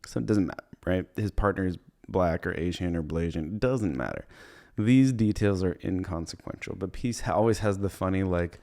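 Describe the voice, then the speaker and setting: A young man with a lowish voice rambles through a comedic movie recap, swearing freely. He laughs at his own retelling and keeps popping into quick impressions of the characters. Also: dark tone. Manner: rambling, profane, laughs while retelling scenes and puts on brief character voices. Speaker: comedy podcast host.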